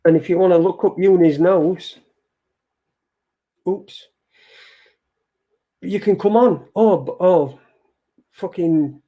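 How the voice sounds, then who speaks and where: Male stream host, fairly high voice, unhurried, loose and sweary, keeps repeating himself. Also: dark tone. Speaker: livestream show host. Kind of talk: casual live-stream chat, reading viewer comments.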